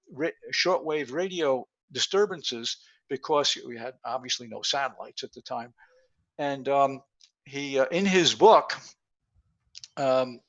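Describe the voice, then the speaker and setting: A man's voice: medium pitch, a bit bright. A man in his seventies giving a rambling, story-filled conference presentation over a call, with many fillers. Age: 70s. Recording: muffled lo-fi call audio.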